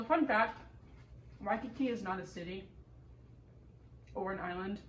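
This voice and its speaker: A young adult woman vlogger chatting casually while answering viewer questions, bubbly and giggly, talking with her mouth full. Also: mid-range voice. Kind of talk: casual chat. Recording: echoey room with faint background noise.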